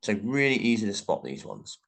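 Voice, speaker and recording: A man's voice: on the low side, very animated, fairly quick, gravelly, a bit bright. A male teacher explaining language features in a recorded lesson, reading out example sentences as he goes.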